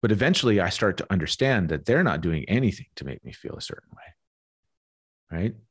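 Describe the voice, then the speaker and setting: Man, young adult, very low pitch, husky, reflective, frank podcast guest. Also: big pitch swings, quick pace. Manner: reflective, frank, swears casually. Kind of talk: casual podcast conversation.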